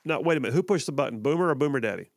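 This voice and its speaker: Rapid-fire and animated, with a medium-pitched voice, a man hosts live talk radio into a studio mic. He keeps up a joking, chatty patter and frequently says the same things again.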